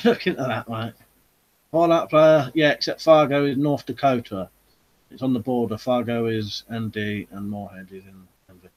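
A man hosting a live chat stream, casually reading out viewer comments and answering them. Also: medium pitch.

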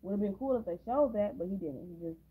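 This woman, a movie reaction host, walks through a film scene by scene in a casual style with sarcastic, blunt asides. Her mid-range voice is fast, slightly rough and lively in intonation, captured with a tinny, phone-like quality.

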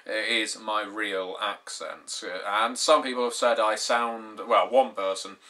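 A man's voice: fairly low pitch, fairly even intonation, slow, sharp tone, faint music behind. A British man in his twenties hosting his gaming channel, talking to camera in a dry, sardonic way with wry humor. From Britain. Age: 20s. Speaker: YouTube gaming channel host. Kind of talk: casual to-camera talk.

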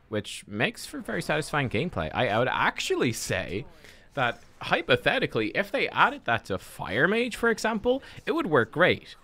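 Young male gaming creator, lively up-and-down delivery, casual self-mocking commentary. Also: mid-range voice. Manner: chatty, self-deprecating, laughs at himself. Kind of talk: casual commentary over gameplay.

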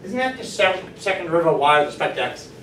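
A man teaching a math class, lively and encouraging, often asking the students questions. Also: a little high, rapid-fire. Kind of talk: classroom lecture. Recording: roomy classroom from far off, faint noise.

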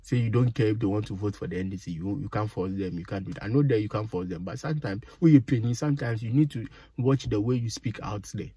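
A man's voice: fairly low pitch, fast talker, hardly any pauses, mellow, breathy edge, no echo. A Ghanaian man giving exasperated, indignant commentary as a vlogger, slipping between English and Pidgin. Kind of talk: ranting commentary.

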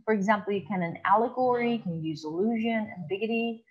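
Woman teacher, online class lecture, keeps checking in with the class, slows for examples, muffled lo-fi audio. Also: medium pitch, breathy edge, soft background music. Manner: explanatory, frequent tag questions, slows to read examples aloud.

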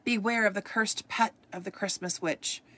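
A woman voicing an angry village mob of men and women, shouting accusations in a storybook reading. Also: medium pitch, fairly even intonation, moderate pace, natural voice. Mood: furious.

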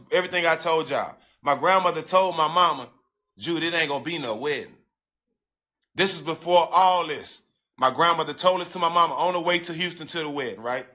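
A man whose voice runs on the high side, pushed and bright, relates a personal story in casual street language full of profanity. He speaks right to his listeners, and as he gets emotional his words come out in halting repeats.

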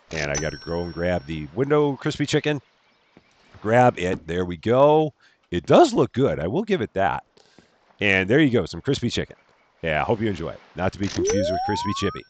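A man's voice: deep voice, a little hiss or hum. A man giving casual, jokey let's-play commentary, chatting to the characters in a game as he plays. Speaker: gameplay commentator.

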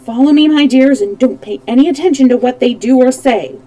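A woman's voice: sits high, brisk, dark tone, voice pushed up, natural voice. A woman voicing the Shaggy Man, a kindly grown man who reassures his friends in a storybook. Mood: urging.

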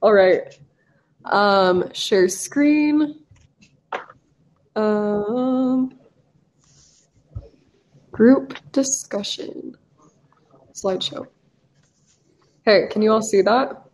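A woman's voice: mid-range voice, drawn-out words, long pauses, a little hiss or hum. A young woman in her twenties from the United States, an English teacher leading a live online class, upbeat and encouraging with casual fillers, heard over a video call.

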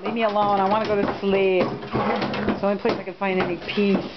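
A woman's voice: medium pitch, flat delivery, brisk, lightly acted. A woman voicing a sleepy grumbling puppy. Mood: weary. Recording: dull lo-fi camera audio with loud noise.

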